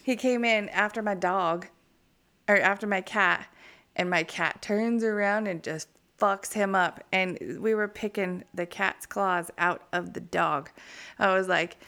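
A woman's voice: medium pitch, steady tone, a little slow, a bit bright. A woman in casual chat, telling stories frankly and swearing freely.

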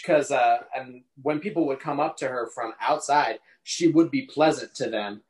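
Man, podcast co-host, casual book talk, mid-pitched voice, acts out quotes. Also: moderate pace, a little mellow, rough recording.

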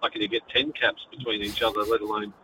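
A man's voice: fairly low pitch, flat delivery, brisk. A man with a New Zealand accent, calling a sports radio show and chatting with easy laughs. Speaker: caller. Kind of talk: talkback call. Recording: dull phone audio with faint noise.

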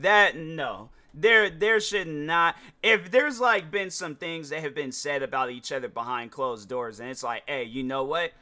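A young man with a fairly high, sharp voice hosts a podcast of casual solo commentary. He rambles along, full of restarts and slang.

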